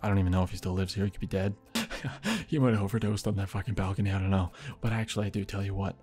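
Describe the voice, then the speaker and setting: A man's voice: deep voice, quick pace, darkish tone, soft background music. A young man casually telling a story about an odd neighbor, swearing often and muttering asides.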